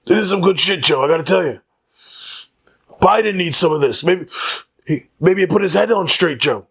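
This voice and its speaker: A man doing an impression of an elderly male politician who is stoned and excited, talking loudly and repeating the listener's name. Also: high voice, normal speed, vocal fry, breathy edge, voice pushed up, exaggerated voice.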